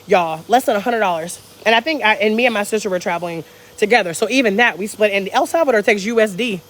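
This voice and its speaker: An American woman on a live stream, giving an energetic, profane pep talk and reading viewer comments aloud from a hotel room. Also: mid-range voice, fast. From United States. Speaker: travel vlogger. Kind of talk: live-stream motivational chat.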